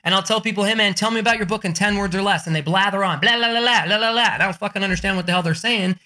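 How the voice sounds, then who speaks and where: A middle-aged man who is an author and book coach talks fast and excitably in a podcast interview. He swears and jokes while pitching, giving the conversation an energetic, salesy feel.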